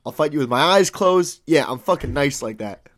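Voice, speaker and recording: A man's voice: a little high, lively intonation, moderate pace, fairly bright tone. A man voicing a foul-mouthed, boastful cowardly male lion in a comedic read-through, with swaggering, crude threats. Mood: blustering.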